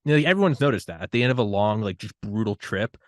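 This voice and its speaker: A man hosting a podcast, talking in a loose, rambling way that turns loud and higher when he gets worked up. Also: expressive, racing, dry recording, clean studio sound. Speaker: podcast host. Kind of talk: casual conversation.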